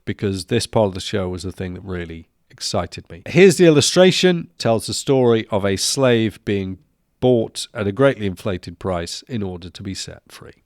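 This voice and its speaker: A man's voice: lowish voice, a little mellow, dry recording. Chatty man reviewing a show, dry-sounding. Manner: chatty, upbeat, conversational. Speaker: video host. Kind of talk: casual review commentary.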